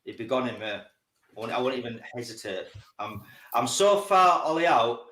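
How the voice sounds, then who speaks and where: Blunt football fan in an echoey room. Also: male voice, mid-range voice, animated, moderate pace, sharp tone. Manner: blunt, emphatic opinions. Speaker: guest pundit. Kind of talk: casual football chat.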